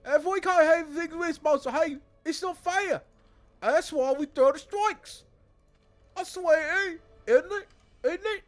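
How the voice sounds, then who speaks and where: Man doing a shrill whiny striking worker. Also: moderate pace. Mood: whining. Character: whiny high-pitched male striking worker.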